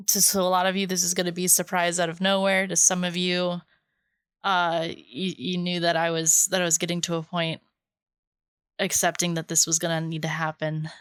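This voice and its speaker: A woman hosting her own podcast, speaking slowly and haltingly with frequent fillers. She is emotional and close to tears. The sound is dry and close to the mic. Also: fairly low pitch, smooth, no room sound. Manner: halting, many fillers and pauses. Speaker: podcast host. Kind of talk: casual podcast talk.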